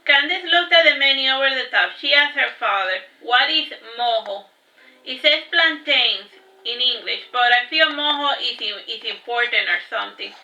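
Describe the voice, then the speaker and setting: A woman's voice: a little high, lively intonation, normal speed, pushed and bright. A woman reading aloud from her own novel, casual and unpolished, with restarts and small slips. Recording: roomy, distant, dull home recording.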